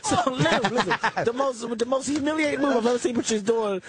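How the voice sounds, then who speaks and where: Excitable high-voiced man telling a story. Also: fast talker, a crowd in the background. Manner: excitable, acts out other people's lines. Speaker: comedian guest. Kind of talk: animated storytelling.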